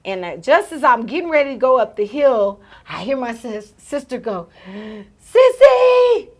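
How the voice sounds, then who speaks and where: A woman in her thirties, a podcast co-host telling a story in casual chat and acting out its shouts and gasps. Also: fairly high pitch, animated, moderate pace.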